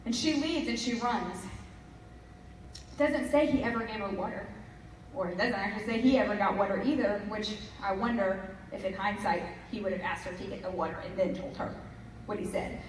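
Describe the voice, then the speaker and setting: A woman's voice: medium pitch, normal speed, a little hiss or hum. A woman giving a storytelling sermon to a congregation, chatty and full of jokey asides. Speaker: guest speaker. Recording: echoey hall, mic from a distance.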